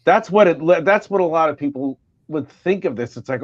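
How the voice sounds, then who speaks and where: A man chatting on a stream, recounting a memory in a halting way with many restarts. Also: a little high, lively intonation, muffled recording. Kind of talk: casual chat, recounting a memory.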